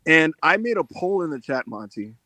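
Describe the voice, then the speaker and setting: A man hosting a casual podcast chat, telling animated stories and acting out the quotes. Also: fairly high pitch, normal speed, no room sound. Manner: animated storyteller, acts out quotes. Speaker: podcast host.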